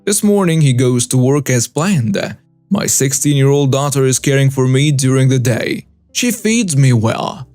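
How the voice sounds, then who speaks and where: A man's voice: medium pitch, expressive, measured pace, no room sound. A man narrating a reader-submitted story as scripted narration, reading in short clipped phrases. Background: soft background music.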